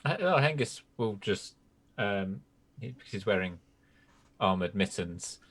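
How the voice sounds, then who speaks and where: A man's voice: fairly low pitch, expressive, unhurried, fairly bright tone. A man playing a tabletop game, describing what his character does with hesitant, restarting phrases. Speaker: player.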